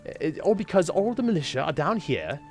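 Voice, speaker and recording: Desperate townsperson, male, ragged and stammering, put on by a man. Raised pitch. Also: very animated, brisk, darkish tone, soft background music. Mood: pleading. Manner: pleading, stammering.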